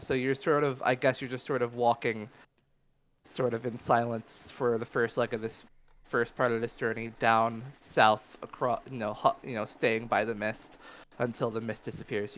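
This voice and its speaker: A man's voice: medium pitch, a little hiss or hum. A man narrating as game master of a tabletop game, talking loosely with many fillers.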